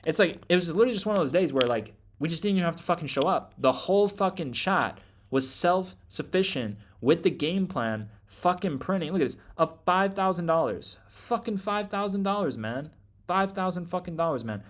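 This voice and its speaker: A man hosting a trading group, delivering a hyped promotional rant, loud and emphatic, swearing constantly and repeating himself. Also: high-pitched, lively intonation, brisk.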